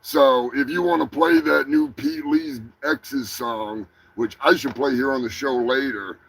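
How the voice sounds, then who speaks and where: A man's voice: medium pitch, fairly even intonation, a little slow, gravelly, a bit bright, husky, low-quality recording. A man hosting a comedic live stream, talking in a crude, rambling, profane way. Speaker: host. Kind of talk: crude comedic livestream chat.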